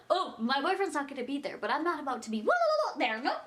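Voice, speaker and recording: A woman's voice: high voice, animated, a little fast, a bit bright, a little hiss or hum. A young woman chatting casually in a vlog as she packs, rambling and giggling as she talks. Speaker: vlogger.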